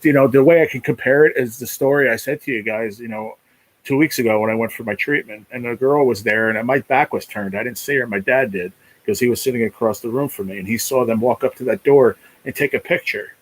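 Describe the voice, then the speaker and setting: A man's voice: medium pitch, fairly quick, poor audio. A man hosting a casual live stream, talking in a rambling, emotional way, full of "you know", and close to tears. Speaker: livestream host.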